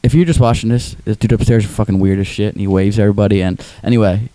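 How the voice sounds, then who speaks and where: A man's voice: fairly low pitch, fairly even intonation, quick pace, warm tone, no room sound. A male podcast host from Westchester, New York, telling a rambling story in casual, profane talk on a close mic.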